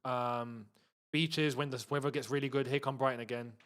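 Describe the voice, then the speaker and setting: A man's voice: mid-range voice, fairly even intonation, moderate pace, fairly bright tone, clean tone. A young man casually hosting a live football watchalong, chatting in slang and reading out viewer messages. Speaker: host.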